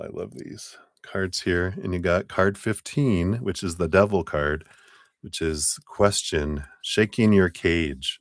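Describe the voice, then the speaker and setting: A man giving casual live tarot readings on a stream, talking in a gentle, rambling, encouraging way. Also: sits low, no room sound, clean studio sound. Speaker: tarot reader.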